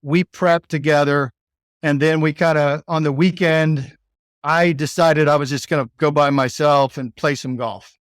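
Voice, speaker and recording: Texan man, smooth voice, rambling storyteller. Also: fairly high pitch, steady tone, measured pace, dry recording, studio quality. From Texas, United States. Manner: loose, rambling storyteller with many "like" and "you know". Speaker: podcast guest, sales executive. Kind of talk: casual storytelling interview.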